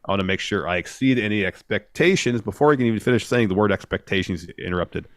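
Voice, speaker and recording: A man's voice: lowish voice, fast, no echo, studio quality. A man co-hosting a casual wrestling podcast, steadily recounting promos and reading quotes out. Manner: steady storytelling, reads out quotes. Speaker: podcast co-host. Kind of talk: casual wrestling recap chat.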